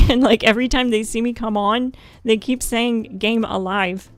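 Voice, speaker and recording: A woman's voice: on the high side, fairly even intonation, normal speed, faint music behind. A woman with a French accent chatting casually on a game livestream, with lots of fillers and laughter. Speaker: streamer.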